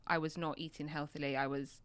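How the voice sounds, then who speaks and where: A woman's voice: low-pitched, little pitch movement, brisk, fairly bright tone, clear, resonant tone, no echo. A woman from England, a personal trainer co-hosting a podcast, chatting in a teasing way and laughing easily. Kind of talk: casual chat.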